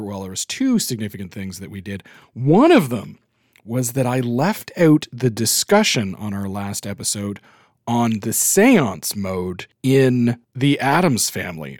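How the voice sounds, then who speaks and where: A man's voice: medium pitch, a little mellow, no room sound, clean studio sound. A man from Canada with a Canadian accent, hosting a podcast in casual, self-deprecating chat. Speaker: podcast host.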